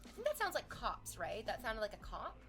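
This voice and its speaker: A woman streaming, reading chat aloud and chatting casually in an animated, exclamatory way that drifts into tangents. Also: on the high side, brisk, faint music behind.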